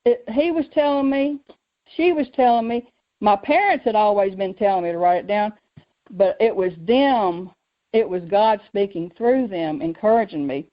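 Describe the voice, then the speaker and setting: A woman hosting a faith radio show, telling her own story in a lively way and acting out the voices she quotes. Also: medium pitch, moderate pace. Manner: lively, acts out quoted voices, laughs often. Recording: muffled lo-fi radio audio.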